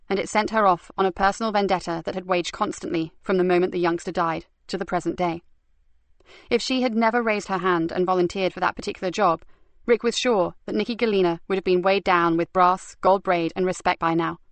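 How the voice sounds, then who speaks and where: A woman narrating a crime novel audiobook with measured, even storytelling. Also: lowish voice, dry recording. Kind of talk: scripted narration.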